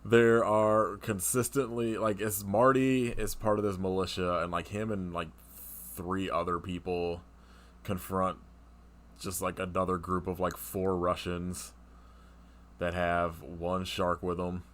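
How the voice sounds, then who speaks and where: A man's voice: deep voice, unhurried. A man co-hosting a podcast, chatting casually about a movie, swearing and laughing often. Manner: profane, laughs often, animated retelling. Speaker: podcast co-host. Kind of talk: casual movie review chat.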